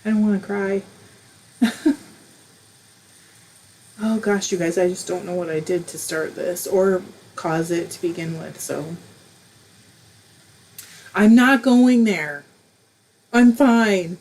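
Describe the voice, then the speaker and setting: A woman's voice: lowish voice, takes it slowly, long pauses, a little mellow, low-quality recording. A middle-aged woman hosting a live crafting stream from home, chatting casually and reading viewers' comments, emotional and close to tears at times while laughing it off. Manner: emotional, tearful at moments, laughing it off. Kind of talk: casual livestream chat, reading comments aloud.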